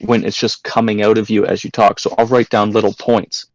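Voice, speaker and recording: Gravelly low-voiced young man. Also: level tone, brisk, dry recording, low-quality recording. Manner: storytelling, crude jokes, acts out voices. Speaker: podcast guest. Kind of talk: casual chat.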